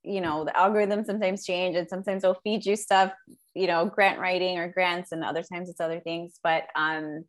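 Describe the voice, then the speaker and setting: A woman guest and business owner telling a story in a casual interview, animated, slipping Spanish phrases into her English. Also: lowish voice, moderate pace.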